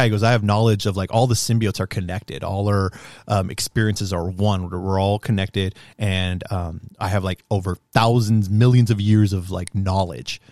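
A young man in casual chat, excitedly retelling a movie scene with lots of fillers and restarts. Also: lowish voice, dry recording. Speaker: podcast co-host.

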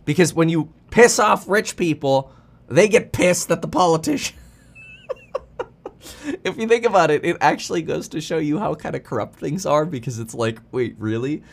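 Guy riffing on the news, kinda high voice, rambles, chuckles. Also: expressive, moderate pace, gravelly. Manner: rambling, with fillers and restarts, chuckles. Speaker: news commentator. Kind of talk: casual news commentary vlog.

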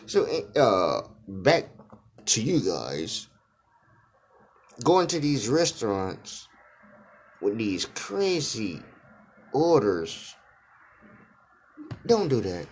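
A man, co-hosting a casual chat in a playful, teasing way with big swings in pitch. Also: huge pitch swings, drawn-out words, long pauses, slight background noise. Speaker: podcast co-host.

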